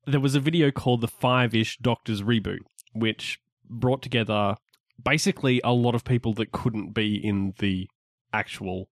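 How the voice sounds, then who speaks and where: This podcast co-host has a medium-pitched male voice at a moderate pace, recorded cleanly in a studio with no room sound. He opens a casual geek podcast on an upbeat note, then rambles with many restarts.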